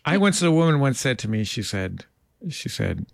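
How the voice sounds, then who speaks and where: A man's voice: medium pitch, sing-song, normal speed, creaky, no room sound. A man hosting an interview, chatting casually and joking playfully with his guest. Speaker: interview host.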